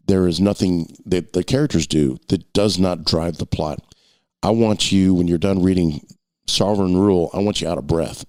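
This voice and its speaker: A man's voice: low-pitched, a little mellow, no echo, clean studio sound. A middle-aged man and novelist talking casually to camera in a rambling, long-winded way with frequent restarts.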